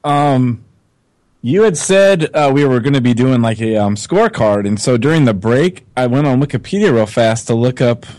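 A man's voice: mid-range voice, animated, moderate pace, darkish tone, no echo. A man on a podcast panel, speaking hesitantly with many fillers. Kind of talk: casual chat.

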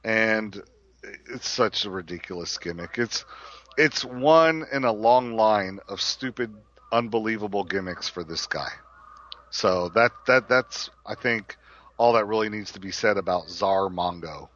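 A man's voice: on the low side, measured pace, a bit bright, lo-fi sound. A man co-hosting a casual podcast, blunt and opinionated, restarting his sentences often. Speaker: podcast co-host.

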